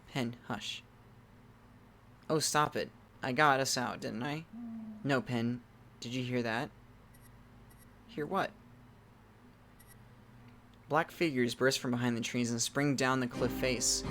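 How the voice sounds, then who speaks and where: A man reading a text adventure game aloud, breaking off into loud startled exclamations, with game music playing behind him. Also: mid-range voice, a little hiss or hum.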